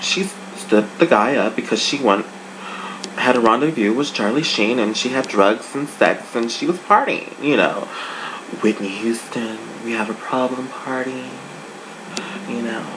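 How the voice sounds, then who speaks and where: An adult speaker giving a sassy, gossipy casual review, swinging the pitch up and down for effect. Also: a little slow, background noise. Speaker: online show reviewer.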